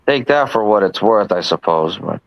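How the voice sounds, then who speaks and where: A man's voice: lowish voice, animated, moderate pace, dry recording, lo-fi sound. A man hosting a casual political chat on a live stream, rambling with lots of restarts and asides. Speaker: host.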